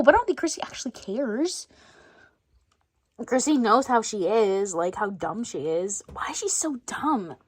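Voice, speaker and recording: A woman performing an improvised skit, switching rapidly between many bickering characters in different voices. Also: a little high, dry recording. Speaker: storyteller voicing every character. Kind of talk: improvised doll-play skit.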